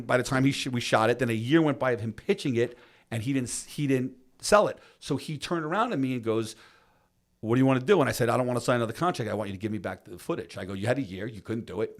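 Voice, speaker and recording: A man telling a story on a podcast, acting out what other people said in a lively way. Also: medium pitch. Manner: acts out quotes of others, fast and lively. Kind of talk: animated storytelling.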